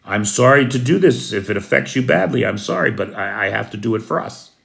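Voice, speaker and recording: A man playing a smooth-talking male oil prince who speaks in a soothing, falsely friendly way. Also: medium pitch, lively intonation, brisk, a bit bright. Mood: apologetic.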